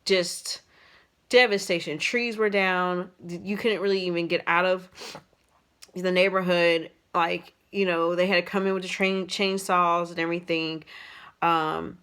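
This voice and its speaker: A woman's voice: on the low side, steady tone, measured pace, fairly bright tone, smooth. A young adult woman casually telling a personal story on her vlog, rambling with lots of fillers and restarts. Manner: rambling, many fillers and restarts, emotional retelling. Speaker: vlogger.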